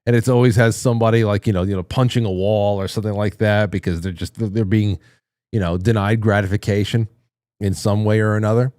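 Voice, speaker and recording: A man's voice: fairly low pitch, fairly even intonation, fairly quick, a little mellow, no room sound, clean studio sound. A man in his forties hosting a live call-in show, rambling casually and cracking crude, self-mocking jokes as he reads the chat. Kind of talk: casual live-stream monologue.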